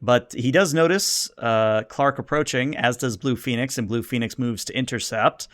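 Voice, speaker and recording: A man running a tabletop game as game master, narrating in a relaxed, conversational way. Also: mid-range voice, normal speed.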